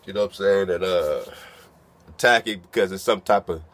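A man's voice: low voice, fairly quick, a bit bright. A man doing a loose, profane freestyle rap and dropping "man" into nearly every line. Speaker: freestyle rapper. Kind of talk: freestyle rap over a beat. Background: instrumental beat.

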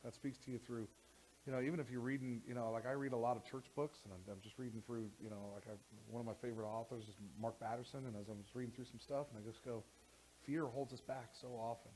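A male pastor delivers a sermon in a church, moving from conversational passages to loud, emphatic bursts. His speech is full of restarts and repeated words, and his pitch sits in the middle. A faint hum of noise is heard behind him. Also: quick pace, rough recording. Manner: animated, rising to near shouting when worked up.

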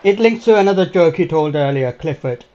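A man hosting a reaction video, making excited asides between bursts of laughter. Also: fairly high pitch, brisk. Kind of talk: casual reaction commentary. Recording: muffled lo-fi audio with loud crowd noise.

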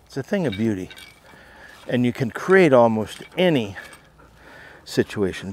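A man explaining a retriever training drill outdoors, speaking calmly. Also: mid-range voice, unhurried, noisy background. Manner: short firm commands to a dog, with calm explaining asides. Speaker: dog trainer.

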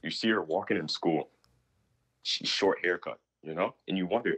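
A man's voice: deep voice, normal speed, fairly bright tone, slightly rough. A young man calling in to a podcast in casual chat, rambling and a bit defensive. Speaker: caller.

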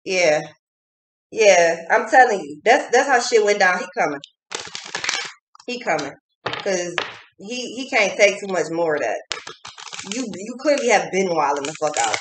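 A woman's voice: medium pitch, animated, moderate pace, long pauses, noisy background. A woman giving a casual tarot reading, talking bluntly with lots of swearing and repeating phrases for emphasis. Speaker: tarot reader. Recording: echoey room.

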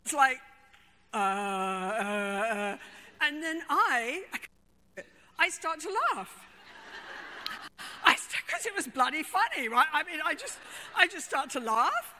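High, bright-voiced woman telling a story. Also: measured pace, pauses often. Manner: expressive, emphatic storyteller with repeated asides. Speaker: therapist. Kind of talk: storytelling talk to a conference audience. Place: large conference hall. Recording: long reverb in a large hall.

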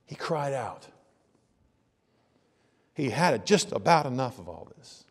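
A man preaching a sermon as a pastor, in a conversational style that swings between hushed asides and loud emphasis. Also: mid-range voice, big pitch swings, slow pace, husky, in a large hall. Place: church sanctuary.

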